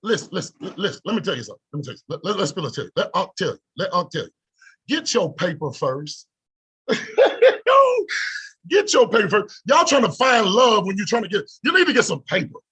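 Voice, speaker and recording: A middle-aged man delivers a motivational pep talk as a trading mentor. His husky voice sits high and swings widely, as he repeats himself, laughs, and breaks into shouts. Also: big pitch swings, quick pace. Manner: preachy, repetitive, hyped up, laughing, bursts into shouts.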